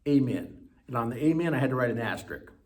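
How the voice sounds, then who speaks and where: A man as an interview guest, telling his story in an animated way with quick bursts. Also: mid-range voice. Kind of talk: personal storytelling.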